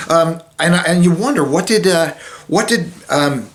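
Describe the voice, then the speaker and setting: A man speaking as a chaplain, giving an informal devotional talk in a conversational way that drops soft and low at solemn moments. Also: animated, unhurried. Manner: conversational, with many restarts and fillers.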